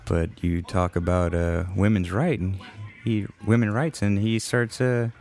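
A man with a fairly low voice, trading casual banter as a podcast co-host. He teases his partner and keeps cutting in with quick side notes. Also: fairly even intonation, darkish tone. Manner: teasing, interrupting banter. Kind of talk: casual chat.

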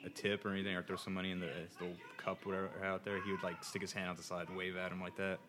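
A man's voice: sits low, flat delivery, very fast, background noise. A man in his thirties co-hosting a casual chat, sarcastic and rambling, with frequent swearing. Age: 30s. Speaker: podcast co-host.

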